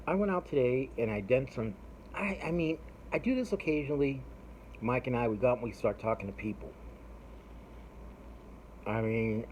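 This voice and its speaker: A man's voice: mid-range voice, a little mellow, a little hiss or hum, low-quality recording. Profane rambling man telling a story. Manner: profane, rambling, laughs while retelling. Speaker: podcast host. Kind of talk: casual storytelling monologue.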